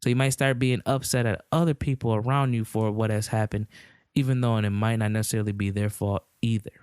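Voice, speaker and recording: A man with a smooth, resonant voice, hosting a podcast and walking through ideas in an easygoing way. He leans on fillers and slips into acting out little quotes along the way. The recording is close and dry, with no room sound. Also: lowish voice, fairly even intonation, brisk, a little mellow, no echo. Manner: conversational, many fillers, acts out hypothetical quotes. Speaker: podcast host. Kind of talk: casual explanatory monologue.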